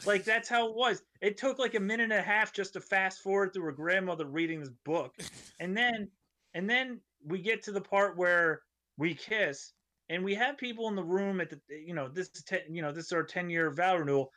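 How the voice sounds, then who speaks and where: A man, a comedian guest on a studio podcast, telling a rambling story in an animated way and acting out the voices of people in it. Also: high voice, brisk. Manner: animated, acts out voices in his stories, rambling tangents.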